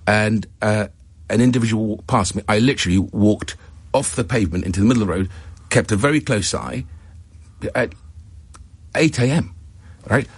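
A man answering in a broadcast interview, hesitant and halting. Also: on the low side, husky, dry recording. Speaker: politician interviewee.

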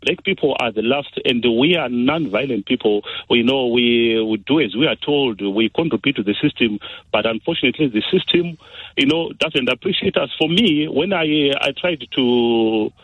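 A man's voice: medium pitch, lively intonation, normal speed, breathy edge, no echo. A nervous, upset man calling into a radio phone-in, hesitant and full of fillers and restarts, his voice shaky. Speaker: caller. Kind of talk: phone-in call. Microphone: phone call. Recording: muffled phone line.

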